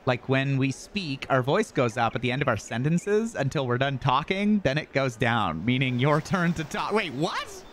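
A man's voice: medium pitch, big pitch swings, moderate pace, few pauses, fairly bright tone, slight background noise. A young Canadian man chatting casually on a gaming stream, laughing often as he talks. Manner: giggly, laughs often mid-sentence.

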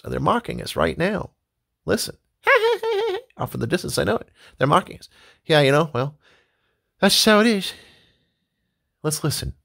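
A woman voicing dim, hapless 1980s husbands in a low, hesitant, mumbling voice. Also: gravelly, dry recording, clean studio sound, exaggerated voice.

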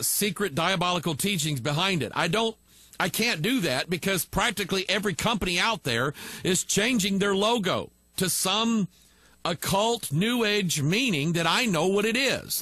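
Male pastor for a live online teaching: blunt, emphatic, a bit high-pitched, recorded dry and close. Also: sharp tone, no echo. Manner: blunt, emphatic, reads viewer messages aloud and answers them. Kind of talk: live online teaching answering viewer comments.

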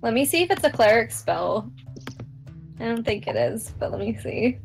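A woman's voice: fairly high pitch, sing-song, normal speed, vocal fry, faint music behind, rough recording. A woman chatting as a player in a tabletop game, rambling, laughing often and swearing. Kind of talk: casual chat.

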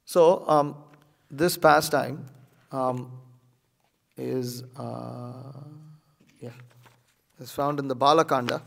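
A man reading a religious scripture aloud and pausing to comment, measured and a little hesitant in his asides. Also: medium pitch, steady tone, creaky, in a large hall. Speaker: religious teacher.

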